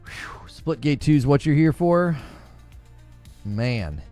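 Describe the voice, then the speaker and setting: A man's voice: a little high, big pitch swings, slow, warm tone, soft background music. A man hosting a gaming livestream in a casual, chatty way, laughing often and talking to his viewers. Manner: laughs often, talks to chat.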